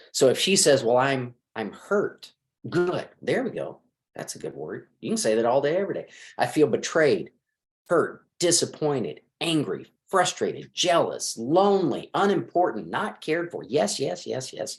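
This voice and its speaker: A middle-aged man, a marriage counselor, giving advice in a conversational interview and acting out bits of dialogue as he talks. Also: mid-range voice. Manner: lively, acts out quoted dialogue.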